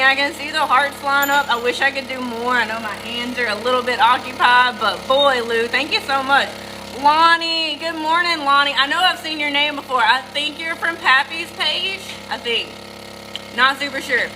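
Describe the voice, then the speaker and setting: A middle-aged woman with a Southern US accent, chatting folksily on a livestream and greeting viewers by name while milking goats. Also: high voice. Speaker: livestream host. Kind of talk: casual livestream chat. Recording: noisy with machine hum. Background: milking machine running.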